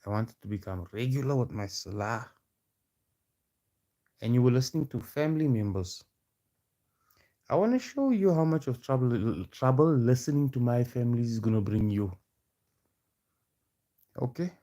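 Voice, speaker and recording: Dark-voiced man ranting. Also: medium pitch, animated, normal speed, pauses often. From South Africa. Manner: taunting, challenging, repeats himself. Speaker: protester. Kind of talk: confrontational street rant.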